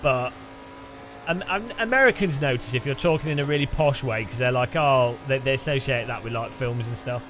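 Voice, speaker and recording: A man with an English Midlands accent, chatting casually and excitably while he streams a sim race. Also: medium pitch, a little fast. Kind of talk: live-stream chat while sim racing. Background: loud background music.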